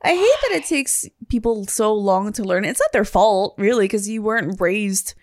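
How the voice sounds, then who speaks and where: A woman's voice: moderate pace, no room sound, studio quality. A woman in casual chat, animatedly telling a story and acting out the people in it. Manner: animated storyteller, acts out quoted voices with big pitch jumps.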